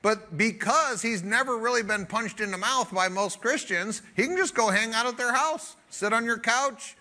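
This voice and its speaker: A male pastor preaches with a high, bright voice that keeps pushing forward. He talks casually and jokes often, then hammers his main points with strong emphasis. The tone stays lively and conversational from start to finish. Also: normal speed. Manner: energetic, jokey, emphatic, conversational. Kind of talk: sermon.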